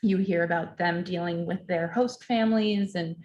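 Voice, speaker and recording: A woman's voice: lowish voice, fairly even intonation, moderate pace, a little mellow, dull audio. A woman from the library staff talking casually about a book she enjoyed, chatty and full of ums and fillers. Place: library event, recorded online.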